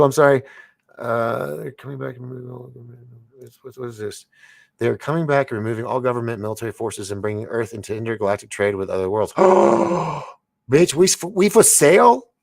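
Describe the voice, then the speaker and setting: A livestream host in his forties, with a medium-pitched, creaky voice, runs a late-night show in clean studio sound with no echo. He rambles excitably, stammering and restarting as he reads viewer comments aloud.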